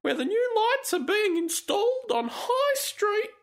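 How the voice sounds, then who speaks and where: A man putting on a shrill falsetto voice as an overwrought, sentimental woman posting online, reading her posts mockingly. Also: very animated, unhurried, exaggerated voice. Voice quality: high falsetto.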